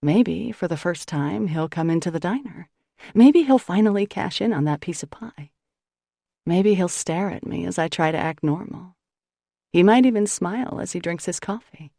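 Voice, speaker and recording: A woman narrating a novel in the first person, with intimate, measured storytelling recorded on a close studio mic. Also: on the low side, gravelly, dark tone, dry recording. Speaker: audiobook narrator.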